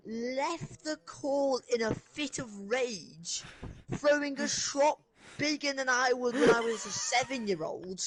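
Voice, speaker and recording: A co-player in a gaming video, ribbing the host with teasing, deadpan banter. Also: high-pitched, takes it slowly, no room sound, poor audio. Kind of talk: casual gameplay banter.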